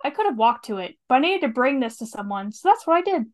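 A chipper male fainting goat from a storybook, keen on adventure, read out by a woman. The voice sits fairly high and stays close to a plain reading voice. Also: sing-song, quick pace. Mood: upbeat. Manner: read aloud casually from a script.

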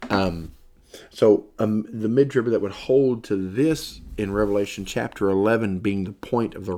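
Tired man teaching Bible prophecy, low mellow voice. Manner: reads scripture aloud in a rising, emphatic voice, talks loosely with fillers in between. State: tired, yawning. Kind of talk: sermon-style Bible lesson.

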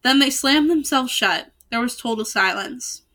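A woman's voice: on the high side, animated, measured pace, pushed and bright. A young woman reading a children's novel aloud chapter by chapter, breaking off now and then for casual, joking asides. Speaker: storybook reader.

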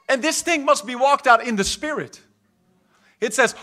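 Speaking at a moderate pace with long pauses, a high-voiced South African pastor gives a charismatic sermon in a church hall. Loud, fervent exhortation gives way to quiet asides, and the stage mic makes his tone ring bright and forceful.

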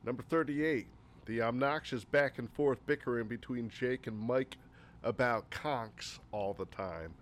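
A man talking through a countdown of film complaints in a loose, rambling way. His voice sits at an ordinary middle pitch and he often sounds exasperated. He keeps stopping to repeat himself and piles on filler words. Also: a little slow. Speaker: movie reviewer. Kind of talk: casual list-style movie critique.

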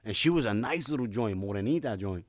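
A man, co-hosting a casual podcast chat with loud, joking, slang-heavy banter. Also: lowish voice, lively intonation, fast talker, no room sound, studio quality. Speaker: podcast co-host.

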